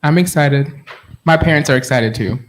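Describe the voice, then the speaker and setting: A man's voice: a little high, moderate pace, slight background noise. A man in his thirties telling stories casually on a panel, chatty and laughing often. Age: 30s. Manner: chatty, laughs often, mimics family voices. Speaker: guest artist.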